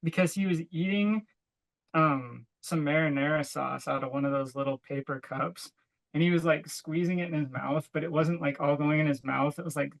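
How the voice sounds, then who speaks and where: A young man with a gravelly, fry-laden voice that sits a touch high for a man. He co-hosts a podcast and tells meandering stories in relaxed, casual chat, leaning heavily on "like" and breaking into laughter. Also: moderate pace, rough recording. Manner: rambling, filler-heavy storytelling with frequent "like"; laughs while telling stories. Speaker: podcast co-host.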